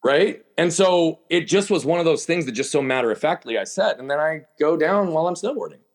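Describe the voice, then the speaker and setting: A man's voice: on the high side, lively intonation, brisk. Emphatic man telling his story. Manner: emphatic, candid, asks himself rhetorical questions. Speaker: podcast guest. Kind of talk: conversational interview storytelling.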